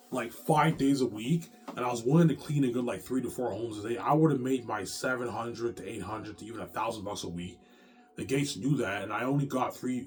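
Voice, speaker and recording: A man's voice: fairly low pitch, slight background noise. A man talking straight to his viewers in a rambling, repetitive rant, often swearing and circling back to the same points. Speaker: self-published author and vlogger.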